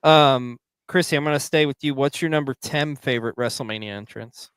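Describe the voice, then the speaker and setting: A man's voice: mid-range voice, a little fast, a bit bright, clean tone, dry recording. A man hosting a wrestling podcast in casual chat, emphatic and swearing freely. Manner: emphatic, heavily profane. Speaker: podcast host.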